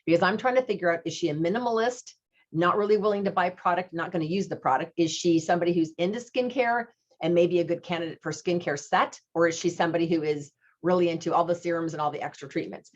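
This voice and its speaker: A woman's voice: lowish voice, fast talker, dull audio. A woman giving a chatty, upbeat sales training talk, acting out phone calls with customers as she teaches. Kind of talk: instructional talk with retold dialogue.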